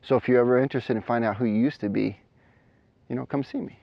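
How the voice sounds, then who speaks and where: A man voicing a calm woman fortune teller in a soft, knowing way, in a dry, dull recording. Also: mid-range voice, fast talker, creaky, no room sound.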